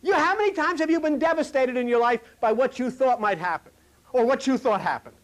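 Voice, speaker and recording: A man preaching a sermon to a live congregation in a folksy storytelling way, asking the audience questions and swinging between loud lines and a low murmur. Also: animated, brisk. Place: hall before a live congregation.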